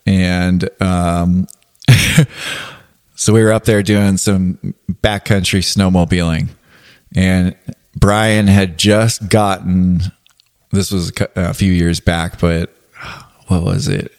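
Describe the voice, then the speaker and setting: Man, fairly low voice, casual podcast storyteller, laughs a lot. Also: fairly even intonation, slow, long pauses. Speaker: adaptive athlete and podcast regular.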